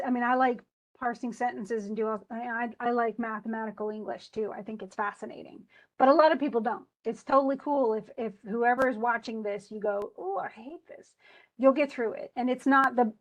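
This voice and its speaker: A woman teacher giving a casual, chatty lecture, often restarting and correcting herself as she explains. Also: a little high. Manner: chatty, self-correcting, enthusiastic.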